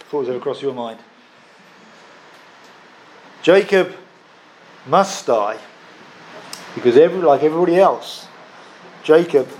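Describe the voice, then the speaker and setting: Man, preacher, sermon, emphatic, repeats phrases with pauses, somewhat high pitch. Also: a little mellow, a little hiss or hum.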